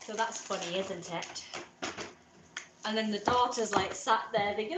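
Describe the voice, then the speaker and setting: A woman's voice: mid-range voice, unhurried, pauses often, background noise. Rambling, chatty woman vlogger. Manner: rambling, chatty, self-deprecating. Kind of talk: casual vlog chat.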